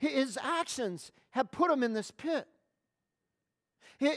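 A woman preaching a sermon to a congregation, emphatic, stretching key words and often restarting her phrases. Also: high voice. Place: in front of a congregation.

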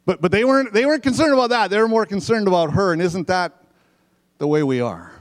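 A man's voice: high-pitched, lively intonation, quick pace. A man preaching a sermon in a church sanctuary, reading verses and explaining them in a conversational way. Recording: long reverb of a church hall.

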